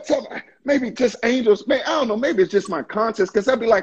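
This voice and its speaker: Impassioned, husky, high-voiced man. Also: normal speed, highs cut off. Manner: impassioned, preachy, stammering restarts. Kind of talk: casual faith discussion.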